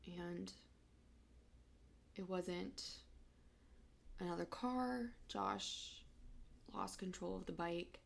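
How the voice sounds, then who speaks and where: A young woman in her twenties telling a personal story of loss, halting and fighting back tears. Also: fairly low pitch, gravelly.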